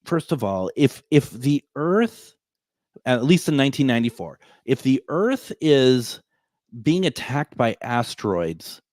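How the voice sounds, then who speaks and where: A man in his forties hosts a radio show from the studio, telling a story to his listeners. He rambles and restarts his sentences, with chuckles along the way. His voice sits at an average pitch and sounds dry and close. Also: very animated, a little slow, a little mellow, no echo. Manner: rambling, self-correcting, chuckling. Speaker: radio host.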